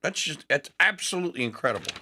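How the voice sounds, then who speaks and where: A man's voice: fairly high pitch, animated, fast, bright, forceful tone, slight background noise. A man hosting a talk show, telling a history story with enthusiasm, digressions and frequent restarts.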